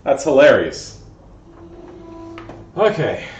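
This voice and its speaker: Animated man muttering in an echoey garage. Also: medium pitch, slow pace, pauses often, a little hiss or hum. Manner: muttering to himself, playful and self-mocking. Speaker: streamer working on a car. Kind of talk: casual live-stream chatter while working. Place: garage or workshop. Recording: echoey, dull sound from a distant mic.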